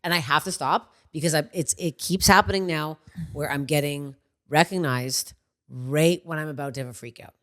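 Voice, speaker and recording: A woman's voice: low voice, moderate pace. A woman in her thirties hosting a podcast, telling stories in a casual chat, acting out people's voices and swearing freely. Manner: animated storytelling, acts out people's voices. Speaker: podcast host.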